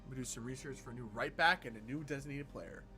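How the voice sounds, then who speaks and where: Mid-range, fast, and pushed bright, this streamer's voice carries over soft background music as he plays and talks casually. He's sarcastic and jokey, responds to chat, and wanders off, restarting his thoughts.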